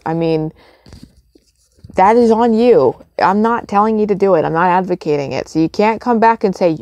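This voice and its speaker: A young adult woman talks straight to the camera in a casual vlog, blunt and emphatic, with plenty of swearing. Her voice sits on the low side. The sound is dry, with no room echo. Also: a little mellow. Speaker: witchcraft vlogger. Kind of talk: casual spoken advice.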